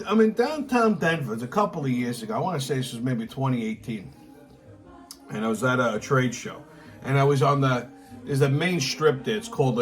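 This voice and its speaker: A man hosting his own political commentary show, ranting angrily and emphatically with constant swearing. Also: mid-range voice. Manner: angry, emphatic, repeats himself, swears constantly. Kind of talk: profane ranting monologue.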